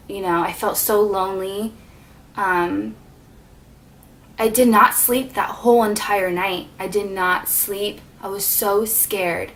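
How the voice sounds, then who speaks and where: A woman's voice: medium pitch, a bit bright. A woman vlogger telling a personal story from her apartment, heartfelt and loose, full of "like" and "you know.". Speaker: beauty vlogger.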